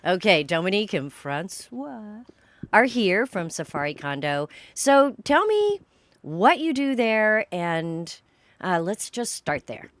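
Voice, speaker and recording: A woman with a Texas accent, hosting a casual interview with an enthusiastic, animated manner. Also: mid-range voice, takes it slowly, no echo. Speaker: host.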